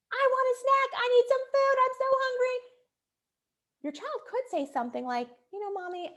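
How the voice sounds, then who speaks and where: A middle-aged woman child psychologist giving a talk to parents, quick and conversational, often tagging "right?" and acting out children's demands. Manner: quick conversational, frequent "right?" tag questions; acts out children's whiny demands in a high voice.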